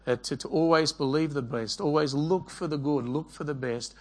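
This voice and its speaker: Delivering a sermon at a moderate pace, a middle-aged pastor with a somewhat high voice weaves in stories, performing each character's quoted lines himself.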